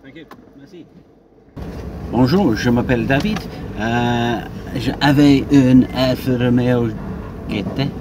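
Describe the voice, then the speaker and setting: Male vlogger, mid-pitched, jokey self-mocking road-trip host, noisy car. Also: unhurried, pauses often. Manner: chatty, self-mocking, joking. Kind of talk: casual road-trip vlog. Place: inside a car while driving.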